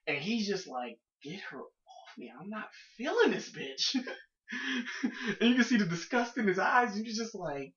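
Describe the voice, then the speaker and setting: A man hosting a casual solo podcast, ranting loudly and acting out other people's voices, sneezing now and then from allergies. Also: high voice, echoey room, lo-fi sound. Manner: loud animated storytelling, acting out other people. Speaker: podcast host.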